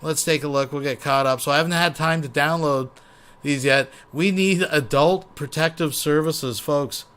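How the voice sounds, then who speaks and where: A man's voice: fairly high pitch, moderate pace, a bit bright, clear, resonant tone. A man hosting a casual reaction commentary show, rambling and sarcastic with plenty of swearing. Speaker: commentary host.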